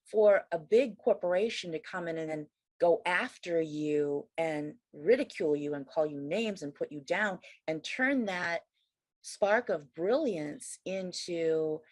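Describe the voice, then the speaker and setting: A woman's voice: lowish voice, measured pace, no echo. A woman interviewing, agreeing eagerly and adding her own enthusiastic points.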